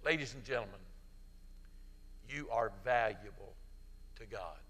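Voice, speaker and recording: A middle-aged man preaching a sermon as pastor, swinging from loud emphatic peaks to soft pleading, and leading an altar-call prayer. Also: lowish voice, measured pace, breathy edge, in a large hall.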